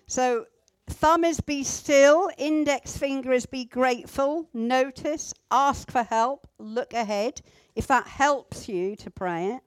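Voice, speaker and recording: A woman teaching a group how to pray, gentle and instructive, with pauses. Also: high voice, dry recording. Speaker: church group leader. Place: indoor room with a group at tables.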